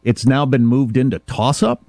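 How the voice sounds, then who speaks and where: A man's voice: moderate pace, vocal fry, no room sound. A middle-aged man from Kansas, hosting a casual talk show and telling a story with acted-out dialogue. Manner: animated storyteller, acts out dialogue, rising pitch when worked up. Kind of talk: casual talk radio chat.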